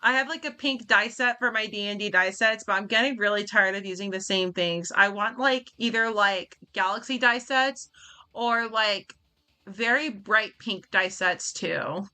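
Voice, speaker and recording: A woman's voice: mid-range voice, normal speed, sharp tone, clean tone. A woman in her twenties chatting as she streams a game, rambling with lots of fillers. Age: 20s. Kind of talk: let's-play commentary and chat.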